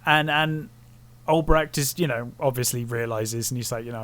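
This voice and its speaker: A man's voice: mid-range voice, flat delivery, moderate pace, fairly bright tone, a little hiss or hum. A man co-hosting a casual film review podcast, retelling scenes and quoting lines in a loose acted voice. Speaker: podcast co-host.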